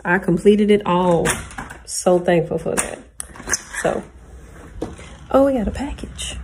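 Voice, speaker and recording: A woman's voice: mid-range voice, takes it slowly, long pauses, mellow, a little hiss or hum. A woman vlogging at home, playful and laughing as she talks to her baby. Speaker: family vlogger. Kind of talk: casual home vlog.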